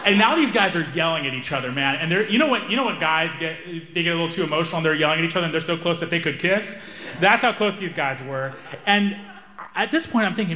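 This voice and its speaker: Bright-voiced young male comic. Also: a little high, a little fast. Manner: animated, wry, self-amused. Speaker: stand-up comedian. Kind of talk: stand-up comedy storytelling.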